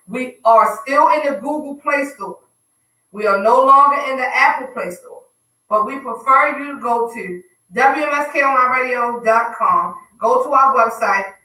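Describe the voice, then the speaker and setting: A woman hosts a casual hip hop news show on online radio, mixing news reading with slangy jokes. Her voice is sharp and bright, sitting a bit above the usual pitch. She sounds set back from the mic in a roomy studio. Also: distant mic. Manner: slangy, joking banter while reading news.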